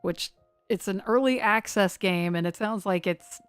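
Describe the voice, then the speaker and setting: A woman's voice: mid-range voice, unhurried, clean tone, dry recording, soft background music. A woman hosting a severe weather live stream, chatting loosely and poking fun at herself as she talks to her chat. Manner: rambling and self-mocking, talks to chat.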